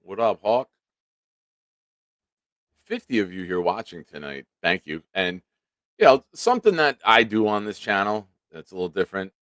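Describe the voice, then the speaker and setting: A man's voice: on the low side, sing-song, moderate pace, pauses often, fairly bright tone, no room sound, clean studio sound. A man hosting a sports livestream who chats loosely, swears freely, and reads out viewer comments. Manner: loose and profane, laughs easily. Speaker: livestream sports show host. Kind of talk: casual live-stream chat, reading viewer comments.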